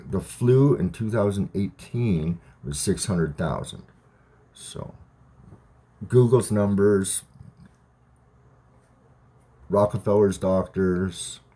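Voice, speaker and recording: A man's voice: fairly low pitch, warm tone, breathy edge. A man in his thirties ranting on a live stream, profane and agitated, rambling with many restarts. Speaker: livestream host. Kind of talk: rambling livestream rant.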